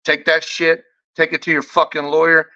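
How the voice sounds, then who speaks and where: A man's voice: a little high, monotone, moderate pace, pushed and bright. A man who reviews fragrances, ranting in a casual vlog. He is combative and swears constantly, and he stumbles over repeated words when heated. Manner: profane, combative, heavy swearing. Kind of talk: off-the-cuff vlog rant. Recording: dull lo-fi audio.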